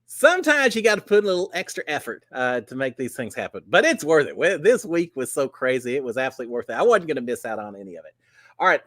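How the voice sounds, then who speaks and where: A man's voice: medium pitch, big pitch swings, quick pace, fairly bright tone, no echo, studio quality. A middle-aged man hosting a casual livestream chat, folksy and upbeat, with plenty of "uh" fillers. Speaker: host.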